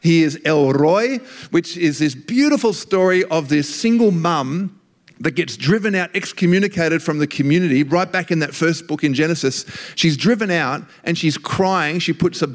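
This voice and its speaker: A man's voice: on the high side, moderate pace. A man preaching an earnest, emphatic sermon in a conversational way.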